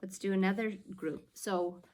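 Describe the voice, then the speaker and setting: A woman teacher giving an early-reading phonics lesson, patiently sounding out words slowly and clearly for young children. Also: medium pitch, level tone, a little mellow.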